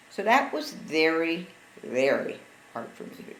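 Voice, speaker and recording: A woman in her sixties tells a family story in a relaxed, conversational way and slips into the voices of the people she quotes. Her voice sits fairly low. The room sounds echoey, with a faint hiss of background noise. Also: normal speed. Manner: animated, acts out quotes of others. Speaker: interviewee telling family stories. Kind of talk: casual storytelling.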